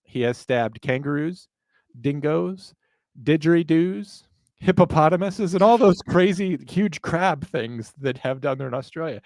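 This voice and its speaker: A man's voice: a little high, animated, unhurried, darkish tone, dry recording. Guy cohosting a live podcast, rambly and jokey, swears a lot, dry close sound. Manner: rambling, joking, profane asides. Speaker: podcast co-host.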